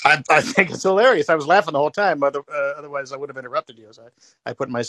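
A man's voice: fairly high pitch, steady tone, rapid-fire, fairly bright tone, no echo. A man co-hosting a casual podcast chat, hesitant and full of fillers.

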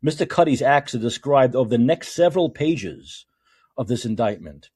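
A man's voice: medium pitch, normal speed, slightly rough. A man hosting a political talk show, reading legal documents aloud and breaking into heated, sarcastic, profane rants. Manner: heated, sarcastic, profane ranting between calmer read-aloud passages.

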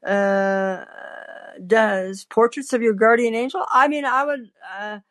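A woman's voice: on the high side, fairly even intonation, slow pace, fairly bright tone. Woman telling a rambling story. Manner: rambling anecdotal storytelling, frequent fillers and restarts. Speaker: podcast host. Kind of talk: storytelling on a call-in podcast.

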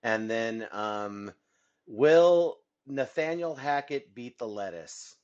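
A man's voice: medium pitch, animated, takes it slowly, darkish tone, dull audio. A man calling in to a talk show, chatting loosely with laughing asides. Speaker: caller. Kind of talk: casual call-in chat.

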